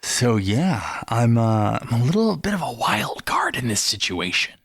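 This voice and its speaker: A man's voice: medium pitch, very animated, a little slow, a bit bright, breathy edge, dry recording, studio quality. A man co-hosting a podcast in casual chat, easygoing and self-deprecating. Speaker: podcast co-host.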